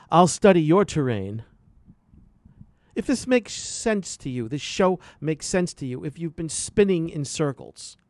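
A man's voice: high-pitched, no room sound. A man hosting a radio health show, delivering an impassioned, repetitive, preachy monologue into a studio microphone.

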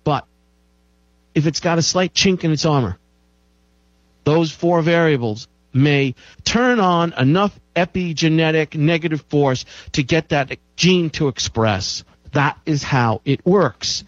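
Male show host, higher register, emphatic and repetitive delivery; dull, dry recording. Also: a little slow, no echo. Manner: emphatic, repeats key phrases for effect. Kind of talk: health talk monologue.

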